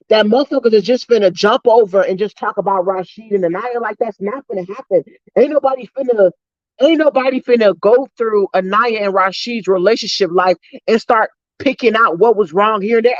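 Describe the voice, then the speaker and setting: A woman delivering a heated, profane commentary rant straight to her viewers, talking fast and cutting herself off. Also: on the high side, no echo. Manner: heated, profane, rapid-fire ranting. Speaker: commentary vlogger. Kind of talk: ranting commentary vlog. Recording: dull lo-fi dry recording.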